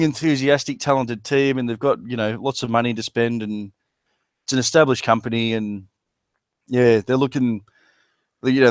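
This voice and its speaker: A man's voice: mid-range voice, dry recording. Rambling Australian man, dry close sound. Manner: rambling, crude jokes, playful. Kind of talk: casual chat.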